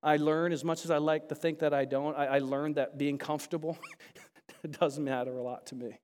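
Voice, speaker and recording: A man preaching a sermon to a congregation, chatty with restarts and then rising to animated, emphatic bursts. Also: fairly high pitch, moderate pace. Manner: chatty asides, frequent restarts. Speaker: pastor. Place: large church sanctuary. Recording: long hall reverb.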